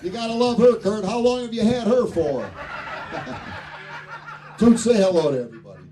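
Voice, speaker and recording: Crude stand-up comic in a noisy club. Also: male voice, high-pitched, animated, normal speed. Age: 50s. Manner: profane, rowdy storytelling. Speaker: stand-up comedian. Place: comedy club stage. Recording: distant mic, noisy club. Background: audience laughter.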